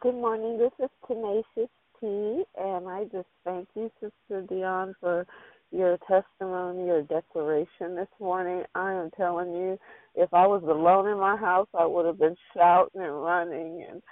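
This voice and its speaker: A woman's voice: on the low side, steady tone, moderate pace, dry recording. Woman caller; earnest, heartfelt, heard through a dry, tinny phone. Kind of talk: casual prayer-line chat.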